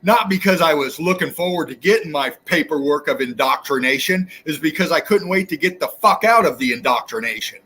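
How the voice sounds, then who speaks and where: A man's voice: a little high, bright, forceful tone, husky. A man hosting his own channel, delivering an angry, profane, preachy rant straight at his viewers. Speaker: channel host. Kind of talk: angry ranting monologue.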